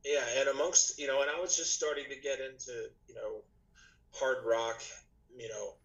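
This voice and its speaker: A man, a podcast guest and musician, telling his story in casual chat, rambling with many restarts, his voice slightly rough tonight. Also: medium pitch, fairly even intonation, moderate pace, a bit bright, muffled recording. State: slightly rough voice, clearing throat.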